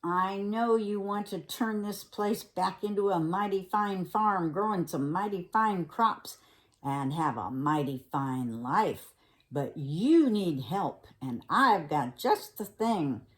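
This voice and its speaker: A woman voicing a sly, fast-talking male fox salesman with pushy sales patter in a storybook reading. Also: on the low side. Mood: wheedling.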